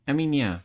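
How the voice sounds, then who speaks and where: A streamer and voice actor chats casually with his viewers on a live stream, speaking close to a desk mic. His voice is a little high and a bit nasal with a slight lisp, and he sounds tipsy as he rambles and makes fun of himself.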